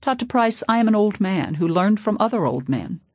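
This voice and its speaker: A woman voicing an old village chief, calm and dignified, with a deep sighing voice and careful English, rolling his R's. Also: a little fast, no room sound, clean studio sound.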